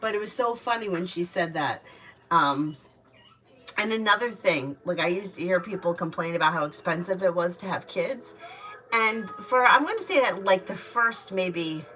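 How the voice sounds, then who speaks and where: A woman with a fairly low voice runs a casual tarot livestream. Between readings she rants bluntly and sounds exasperated, swearing freely. She talks like a mother at the end of her rope. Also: moderate pace, sharp tone, rough recording. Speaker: tarot reader and livestream host.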